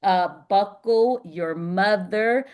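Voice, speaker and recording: A middle-aged woman co-hosting a podcast, telling stories in a lively way with frequent filler words. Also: medium pitch, takes it slowly. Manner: animated storyteller, frequent "um" fillers. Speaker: podcast co-host and performer. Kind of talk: casual chat.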